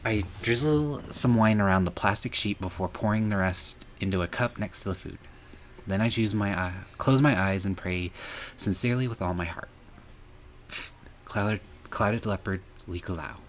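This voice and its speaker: Male streamer, low voice, earnest emotional reading of game text, faint background noise. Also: moderate pace. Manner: earnest, emotional reading with some angry outbursts. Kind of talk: reading a visual novel aloud.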